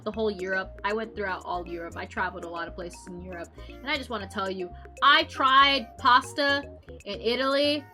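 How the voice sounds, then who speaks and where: A woman's voice: mid-range voice, bright, forceful tone. A young adult woman streamer chatting casually, rambling, joking and swearing as she goes.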